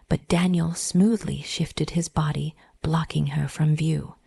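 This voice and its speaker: A woman narrating a dramatic story in a soft, breathy whisper, as whispered role-play. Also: on the low side, no echo, clean studio sound.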